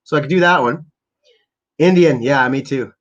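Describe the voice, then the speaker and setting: A Canadian livestream host rants about politics in profane, rambling bursts and reads out viewer comments. His mid-range voice comes at normal speed, and the recording sounds muffled.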